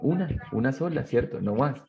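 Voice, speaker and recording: A man's voice: mid-range voice, animated, fast talker, gravelly, dull audio, noisy background. A male English teacher, giving a bilingual classroom lesson and quizzing his students. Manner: switches between English and Spanish, quizzes students.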